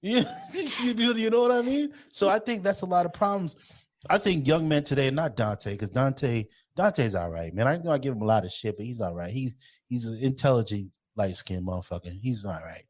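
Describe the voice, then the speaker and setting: A man's voice: medium pitch, fairly quick. A man co-hosting a podcast in casual chat, talking bluntly and animatedly with lots of swearing. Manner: blunt, profane, opinionated, animated. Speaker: podcast co-host.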